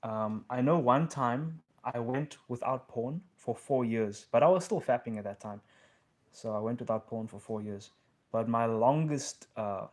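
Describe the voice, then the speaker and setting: A man's voice: mid-range voice, darkish tone. A young man hosting a casual live question-and-answer stream, laid-back, with plenty of ums and bro. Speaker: livestream host answering questions.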